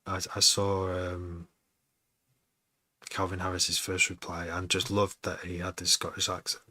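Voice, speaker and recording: A man's voice: low voice, monotone, unhurried, bright, forceful tone, slight background noise. A man streaming a music production session, chatting casually in a rambling way, swearing often and breaking off mid-sentence. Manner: starts and stops mid-sentence, repeats words. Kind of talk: casual chat.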